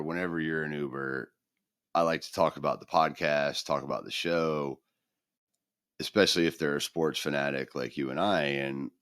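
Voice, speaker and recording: This middle-aged man's rumbling low voice fills a casual podcast chat he co-hosts. Animated as he tells stories, he imitates the people he quotes, with studio-quality sound and no room tone.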